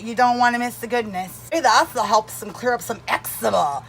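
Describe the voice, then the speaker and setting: A woman's voice: a little high, expressive, a little fast, few pauses, a bit bright, slight background noise. A woman casually demonstrating how to make soap, chatty and rambling, with jokey asides to viewers. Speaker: soap-making vlogger.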